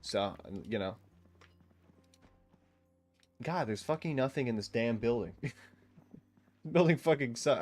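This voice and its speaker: A man's voice: mid-range voice, animated, measured pace, pauses often, a little mellow. A man streaming a game, chatting loosely and swearing often as he banters with his viewers. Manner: loose, profane, bantering with chat. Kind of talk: casual live-stream chat while gaming.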